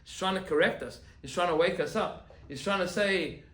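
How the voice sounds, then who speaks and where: A man, a rabbi, giving an animated Torah class and acting out quoted complaints. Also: sits high, moderate pace, hardly any pauses, echoey room.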